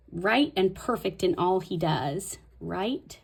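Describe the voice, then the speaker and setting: A woman hosting a casual craft tutorial, thinking aloud as she writes and softly repeating words to herself. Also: on the low side, expressive, gravelly, slightly rough. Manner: fast talker. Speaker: host.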